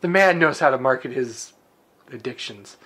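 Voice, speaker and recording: A man's voice: medium pitch, normal speed, a bit bright, husky. A man co-hosting a wrestling podcast in casual chat, swearing freely and laughing often. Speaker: podcast co-host.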